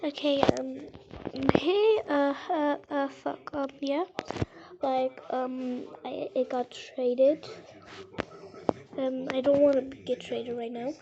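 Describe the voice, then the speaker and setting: A woman chatting casually over gameplay, rambling and halting with lots of fillers. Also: sits high, fairly even intonation, lo-fi sound, very noisy. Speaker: game vlogger.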